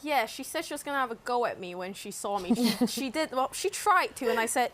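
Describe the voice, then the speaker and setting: A woman on a studio panel, talking warmly and emotionally. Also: on the high side, lively intonation, a little fast, hardly any pauses. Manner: warm, emotional. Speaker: pundit.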